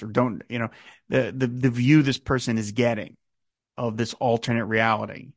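A man's voice: mid-range voice, no room sound, studio quality. A man in his fifties hosting a podcast, musing casually about a song with many fillers and restarts. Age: 50s. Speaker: podcast host.

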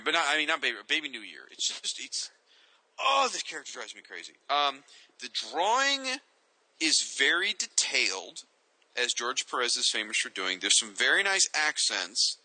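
A man's voice: medium pitch, bright, forceful tone, no room sound, poor audio. A man co-hosting a casual comics chat, opinionated and ranting. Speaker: co-host.

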